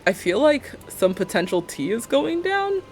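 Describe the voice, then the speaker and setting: A woman's voice: fairly high pitch, sing-song, a little slow, a little mellow, faint music behind. A young woman live-streaming a building game, chatting casually and sarcastically and laughing often.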